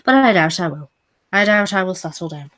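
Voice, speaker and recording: A woman's voice: on the low side, animated, brisk, a bit bright. A woman in her late twenties who laughs often while chatting casually in a voice chat. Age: 20s. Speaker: artist.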